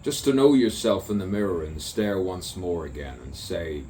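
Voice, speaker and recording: A man's voice: deep voice, big pitch swings, normal speed, mellow. A man reciting his own spoken word poem in a musing, repetitive way, with sudden emphatic bursts. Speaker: poet. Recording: distant mic with faint background noise.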